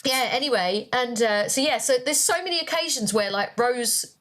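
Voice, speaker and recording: A woman's voice: a little high, moderate pace, a bit bright. A woman co-hosting a podcast, rambling through a personal story with many fillers and restarts, close to tears. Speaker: podcast co-host.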